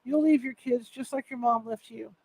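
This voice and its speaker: A woman's voice: on the high side, normal speed, a little mellow, dry recording, rough recording. Woman doing mean old aunt, snippy and accusing, dry close sound. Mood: scornful. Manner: cutting, accusatory. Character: spiteful older aunt, sharp-tongued woman.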